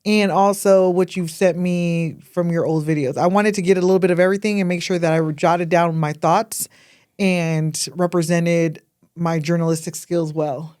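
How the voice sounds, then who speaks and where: A woman's voice: lowish voice, fairly even intonation, normal speed, darkish tone. A woman co-hosting a casual podcast chat, playful and teasing, with a slight lisp. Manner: playful, teasing, laughs often. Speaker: podcast co-host.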